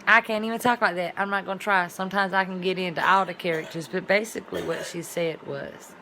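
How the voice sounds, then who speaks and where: A woman's voice: on the low side, fairly even intonation, quick pace, noisy background. A woman vlogger talking in a casual, rambling monologue, with colloquial, folksy phrasing and sound-effect words.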